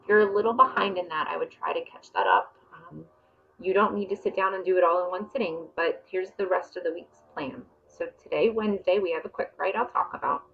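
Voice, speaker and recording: A woman's voice: on the low side, fairly quick, gravelly, dull audio. A young adult woman teacher giving her class a casual, direct update on the week's plan, with frequent ums.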